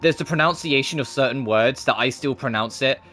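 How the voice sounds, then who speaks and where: Brief: twenties guy, faint British accent, mid-pitched, loose rambling stream talk with plenty of swearing. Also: a little fast, bright, forceful tone. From Britain. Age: 20s. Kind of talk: casual chat.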